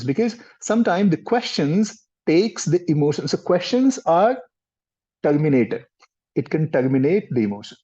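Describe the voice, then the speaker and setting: Soft-spoken trainer, dull recording. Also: male voice, a little high, slightly rough. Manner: gentle, explanatory, mixes in Hindi words. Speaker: counseling trainer. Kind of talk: explaining in a live workshop. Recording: dull lo-fi sound.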